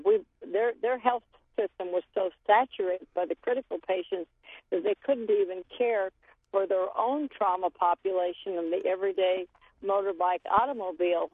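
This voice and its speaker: A woman's voice: mid-range voice, dry recording. Woman on a tinny phone line. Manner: earnest, with frequent restarts. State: losing her voice. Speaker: medical aid director on the phone. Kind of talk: phone interview. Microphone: cell phone.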